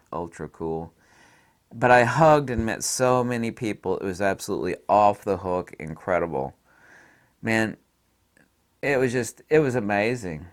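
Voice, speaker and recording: Animated middle-aged man telling stories. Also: fairly low pitch. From American South. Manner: animated, blunt, laughs at his own stories. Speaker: photography vlogger. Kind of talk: casual storytelling.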